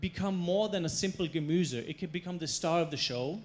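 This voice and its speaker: Guy doing a stage talk, kinda high voice, tells stories with lots of punch and humor. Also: a little fast. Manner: storytelling, emphatic, playful. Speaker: chef giving a stage talk. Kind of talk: stage presentation. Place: stage before a live audience.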